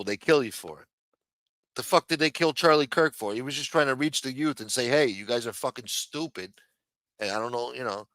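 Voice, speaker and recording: A middle-aged man from the United States rants angrily into a streaming microphone, swearing nearly every sentence. His voice sits at an ordinary male pitch, and the sound is dry and close with no room around it. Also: fairly bright tone, no room sound. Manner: profane, angry ranting. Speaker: show host. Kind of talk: ranting livestream commentary.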